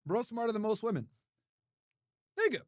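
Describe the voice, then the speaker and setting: A man's voice: sits high, big pitch swings, moderate pace, dry recording, studio quality. A man hosting a livestream in a casual, slangy style, teasing and playfully scolding in repeated bursts. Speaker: livestream host.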